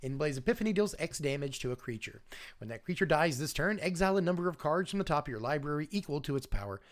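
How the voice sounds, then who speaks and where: Lively man hosting a casual stream. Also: a little high, fast talker. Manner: animated, chuckling, chatting with viewers. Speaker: host. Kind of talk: casual livestream card review.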